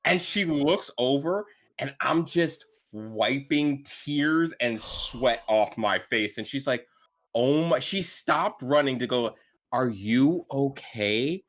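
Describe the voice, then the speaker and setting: A man guesting on a casual roundtable, telling self-mocking stories that trail off low. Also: lively intonation, takes it slowly, a bit bright. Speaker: guest dungeon master.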